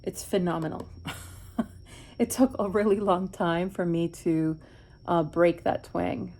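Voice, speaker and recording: A middle-aged woman from Miami chats unhurriedly while doing her makeup at home. Her voice sits low with a gravelly fry, and she muses out loud, often restarting her sentences. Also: fairly even intonation, a little slow. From Miami, USA. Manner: reflective, rambling, frequent restarts. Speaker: beauty vlogger. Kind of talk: chatty get-ready-with-me vlog.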